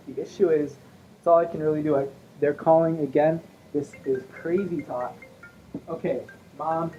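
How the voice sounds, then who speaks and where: A man hosting his own podcast alone, rambling in a wry, self-mocking way. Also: fairly high pitch. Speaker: podcast host. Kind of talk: rambling solo podcast chat. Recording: muffled lo-fi audio with faint hiss.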